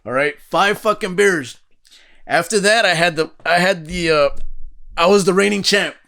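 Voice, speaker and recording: A man's voice: high voice, moderate pace, creaky, bright, forceful tone. A man in his thirties, a podcast host, telling profane, rowdy stories in casual chat and acting out the quotes.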